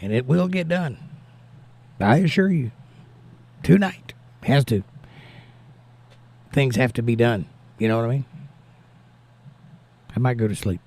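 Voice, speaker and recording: A man with a medium-pitched, darkish voice reads chat aloud on his casual livestream, answering with prayerful thanks to God. He talks a little slowly and leaves long pauses.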